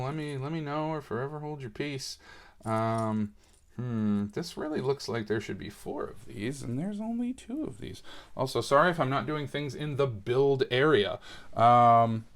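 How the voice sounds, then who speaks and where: Casual podcast host, New England accent, mid-pitched man, rambling and self-mocking. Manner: chatty, self-deprecating, lots of fillers. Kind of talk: casual rambling chat while building.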